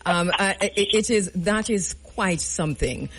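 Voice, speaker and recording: A man's voice: high voice, measured pace, fairly bright tone. A man hosting a radio talk show, affable and chatty, often murmuring agreement. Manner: affable, chatty, frequent backchannel. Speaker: radio host.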